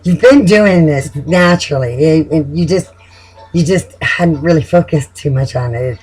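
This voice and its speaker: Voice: mid-range voice, unhurried, a little mellow, slightly rough, rough recording. Laughing, chatty tarot reader. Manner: chatty, laughs often, amused; repeats words and restarts while thinking. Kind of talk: casual spoken tarot reading.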